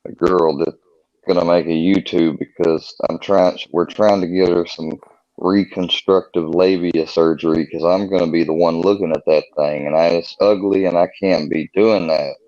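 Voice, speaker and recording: A man's voice: sits low, steady tone, normal speed, mellow, dry recording. A man cracking crude jokes and rambling in an online voice chat. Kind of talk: casual chat. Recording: dry, slightly dull audio.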